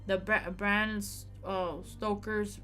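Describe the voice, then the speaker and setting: A woman's voice: medium pitch, little pitch movement, slow pace, bright, forceful tone, faint music behind. A woman co-hosting a live stream in casual chat, blunt and emphatic as she rants. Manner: blunt, emphatic, ranting with repeated apologies.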